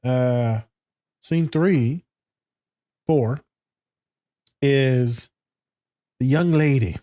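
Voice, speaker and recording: A man co-hosting a podcast in casual, excitable chat, swearing and laughing often. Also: medium pitch, drawn-out words, dry recording, clean studio sound. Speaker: podcast co-host.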